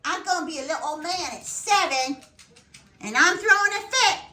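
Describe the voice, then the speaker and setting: A woman's voice: very high voice, expressive, moderate pace, pushed and bright, voice pushed up, full character voice. Woman voicing a pouty pug throwing a fit. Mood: grumpy, pouting. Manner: pouty, sulky complaining. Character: grumpy male pug dog turning seven.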